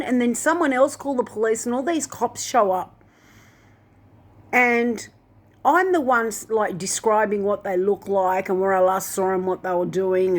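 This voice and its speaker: Woman, casual dream retelling, rambling, filler-heavy, mid-pitched voice. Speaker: Christian video host.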